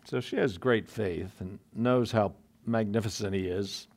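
A man's voice: fairly low pitch, a little slow, darkish tone. A man preaching a sermon in a conversational way, full of asides and restarts.

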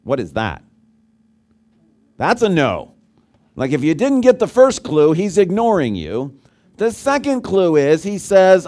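Animated preacher, a man with a fairly high voice. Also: unhurried. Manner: animated, swings between loud emphasis and quiet low asides; conversational, asks the congregation questions. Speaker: pastor. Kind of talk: sermon.

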